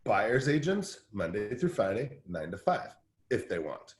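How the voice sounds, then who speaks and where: A man talking in a casual interview as a guest coach, telling energetic stories with lots of restarts. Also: fairly low pitch, echoey room. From Southern California. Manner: energetic, fast storytelling with many restarts. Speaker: guest team-building coach.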